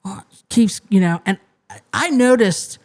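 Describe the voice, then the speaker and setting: Woman telling a story with animated energy. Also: mid-range voice, unhurried. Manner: animated retelling, frequent restarts and "you know". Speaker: interview guest, restaurant co-manager. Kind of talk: casual storytelling.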